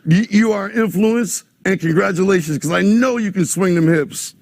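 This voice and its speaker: A man's voice: sits high, moderate pace, darkish tone, no echo, clean studio sound. A man in casual chat, joking and bragging with lots of profanity.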